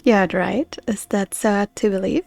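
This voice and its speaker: A woman reading aloud the lines of an earnest, formal woman guardian from a game, in a measured, soft-spoken way. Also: mid-range voice, vocal fry, no echo, lightly acted.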